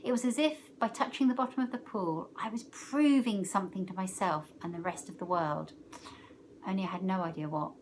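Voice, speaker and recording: A woman teacher reading a novel aloud, expressive, letting her loudness rise and fall with the story. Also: medium pitch, a little fast, a little hiss or hum.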